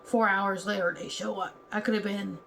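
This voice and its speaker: A woman's voice: medium pitch, fairly even intonation, normal speed, vocal fry, fairly bright tone, slight background noise. A woman talking candidly and heatedly in a casual vlog, now and then acting out other people's lines. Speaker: vlogger. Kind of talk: casual venting monologue.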